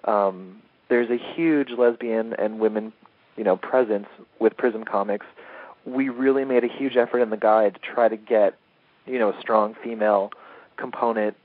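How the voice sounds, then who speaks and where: A man's voice: on the low side, fairly even intonation, moderate pace, no echo. A man being interviewed as a comics editor, talking casually and eagerly, rambling a little and laughing easily. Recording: tinny phone-line audio.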